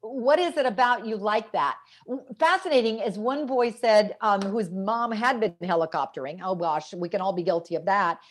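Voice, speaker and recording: A woman's voice: medium pitch, normal speed, hardly any pauses. A woman guest talking about raising boys, telling stories and quoting the kids she interviewed. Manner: energetic storyteller quoting kids and parents. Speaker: guest author on parenting. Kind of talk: animated podcast interview.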